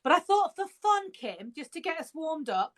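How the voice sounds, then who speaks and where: With a high, sing-song voice at normal speed, an English podcast host runs a live video-call interview. She comes across chatty and bubbly, laughs frequently, and occasionally trails off partway through a sentence.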